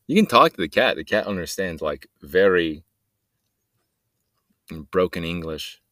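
A man's voice: low-pitched, animated, a little slow, long pauses, fairly bright tone, no room sound, studio quality. A man hosting a solo podcast, rambling and joking in a meandering way and trailing off mid-sentence. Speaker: podcast host.

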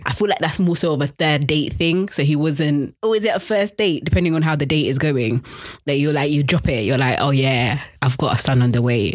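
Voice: medium pitch, dry recording, clean studio sound. A speaker giving a casual, chatty episode recap, gushing and laughing often. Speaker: TV episode reviewer.

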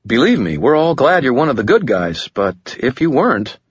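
A man's voice: mid-range voice, very animated, normal speed, slightly rough, dry recording, pitched above the performer's own voice. Fields: Figure: a man voicing an earnest, anxious young friend. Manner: careful, hesitant. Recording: dull.

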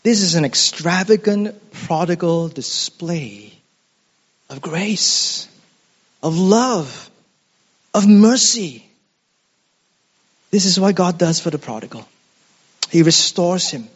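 A male preacher delivers a sermon in a high voice. He speaks slowly and emphatically and builds his points through dramatic repetition. The recording sounds dull, and a long hall reverb hangs after each line. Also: lively intonation, breathy edge. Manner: emphatic, dramatic repetition, addresses listeners as friends.

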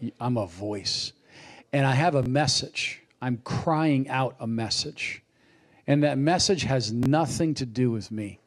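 A man preaching a sermon, unhurried and reflective, with lively acted quotes. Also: mid-range voice.

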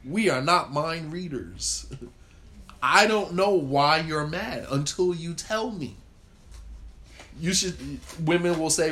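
A man's voice: fairly high pitch, a little slow, a bit bright. A man leading a group talk on marriage, speaking conversationally and acting out quoted lines. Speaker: marriage workshop leader.

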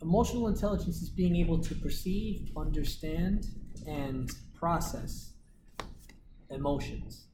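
A man's voice: fairly high pitch, unhurried. Assertive man lecturing in an echoey room. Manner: assertive, explains with worked examples. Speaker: presenter teaching a team meeting. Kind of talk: casual instructive talk. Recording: echoey room with loud background noise.

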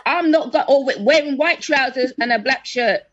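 A woman's voice: high voice, moderate pace, a bit bright, slightly rough. A woman talking firmly in a casual discussion on a video call, repeating her agreement for emphasis. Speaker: guest. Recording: muffled lo-fi video call audio.

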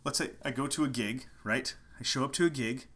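A male musician teaching online marketing speaks casually and passionately to camera from home late at night, repeating points to stress them. His mid-range voice is a bit bright and slightly rough, and his pace a little fast.

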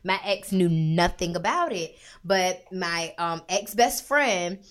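Animated, slangy woman telling a story. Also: on the low side, slow. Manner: animated, slangy, jumps between hushed and loud. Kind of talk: casual chat, telling a story.

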